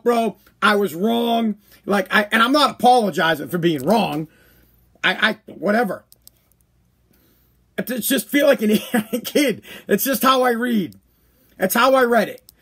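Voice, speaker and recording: A man with a very high-pitched voice hosts his own podcast live stream, speaking casually to his audience. He talks in a brash, emphatic way and pokes fun at himself. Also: a bit bright. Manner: brash, emphatic, self-mocking, says "bro" often. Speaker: podcast host.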